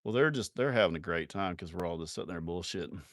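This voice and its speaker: A man's voice: sits low, expressive, fast talker, fairly bright tone, dry recording, studio quality. A man telling rowdy, profane bar stories in a live stream, often laughing as he talks. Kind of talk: casual storytelling.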